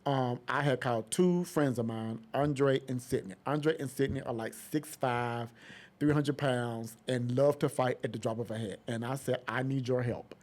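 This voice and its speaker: A man's voice: mid-range voice, normal speed, a little mellow. A man, a podcast guest telling a story dramatically and acting out the voices of the people in it. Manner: dramatic, acts out voices in quotes. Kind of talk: animated storytelling.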